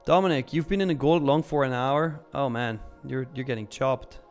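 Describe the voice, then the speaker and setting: Young guy hosting a live stream, upbeat and chatty, reads out chat, laughs a lot, soft music behind. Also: mid-range voice, normal speed, clear, resonant tone. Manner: chatty, upbeat, laughs often, slang like fire. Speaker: live trading stream host. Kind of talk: casual live-stream chat reading viewer comments.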